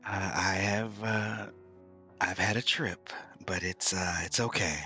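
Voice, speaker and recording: A man's voice: sits low, steady tone, slow, pushed and bright, faint music behind, exaggerated voice. A man voicing a weary adventurer who is being hunted, speaking hesitantly and politely.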